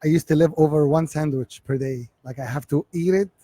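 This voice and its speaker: A man in his forties from Egypt with an Egyptian accent, telling his life story as an interview guest, halting and repeating words as he looks for the English. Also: on the high side, warm tone, no echo.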